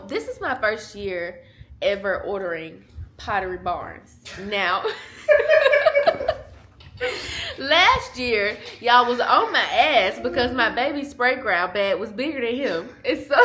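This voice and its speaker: A young woman in her twenties talks straight to her viewers, chatty and candid, with a bright, fairly high voice. She laughs often while telling stories, and faint room sound sits behind her on a small camera mic. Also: expressive, a little slow, a little hiss or hum. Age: 20s. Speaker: vlogger, mother. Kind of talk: casual chat to camera. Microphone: small handheld camera.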